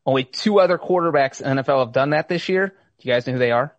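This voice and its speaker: A man's voice: mid-range voice, fast talker, no room sound, lo-fi sound. Matter-of-fact male podcast host. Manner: dry, matter-of-fact quizzing. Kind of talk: casual sports chat.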